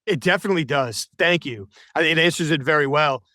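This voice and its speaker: A man's voice: on the high side, fairly quick, pushed and bright, dry recording. A man hosting a podcast, asking thoughtful, somewhat hesitant questions that he reframes as he goes. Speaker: podcast host. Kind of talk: interview questions.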